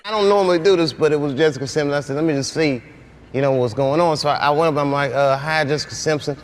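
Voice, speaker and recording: A man's voice: on the high side, fast. A man telling stories as a comedian, on stage and in talk-show chats, laughing often and slipping into quoted dialogue. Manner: laughing, animated storyteller who breaks into quoted dialogue. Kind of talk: stand-up and talk-show storytelling. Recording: noisy compilation clip.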